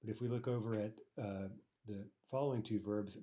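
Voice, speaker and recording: Man, language teacher, slightly low voice, explanatory, many fillers, keeps asking "right?". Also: fairly even intonation, normal speed, few pauses, warm tone. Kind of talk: screen-recorded lesson walkthrough.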